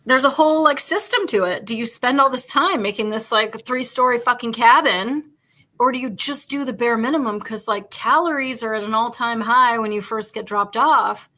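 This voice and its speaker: A woman's voice: a little high, normal speed. A woman hosting a podcast, telling long rambling stories in casual chat with lots of fillers. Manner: rambling, animated storytelling full of fillers. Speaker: podcast host.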